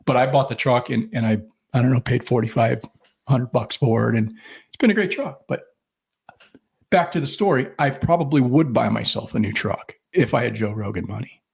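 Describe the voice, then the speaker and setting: A middle-aged man with a gravelly, husky voice tells long, rambling stories in casual chat. He swears freely and acts out the people he quotes. His pitch sits in an ordinary middle range. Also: lively intonation, normal speed. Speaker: podcast co-host.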